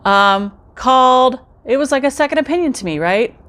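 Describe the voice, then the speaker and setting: A woman's voice: sits high, big pitch swings, rapid-fire. A middle-aged woman telling her own story in a casual vlog, chatty and talking straight to her viewers. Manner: chatty, addresses viewers directly, acts out quoted remarks.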